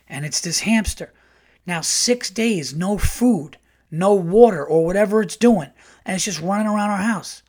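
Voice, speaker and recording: A middle-aged man hosting a podcast, telling family stories in a casual, profane, animated way and quoting his family in quick bursts. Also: fairly high pitch. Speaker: podcast host. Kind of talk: casual storytelling monologue.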